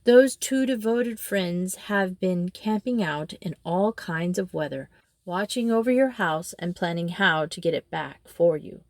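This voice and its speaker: A woman's voice: on the low side, expressive, measured pace, dry recording. A woman doing a stern scolding rat. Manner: stern, reproachful. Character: sensible scolding male water rat.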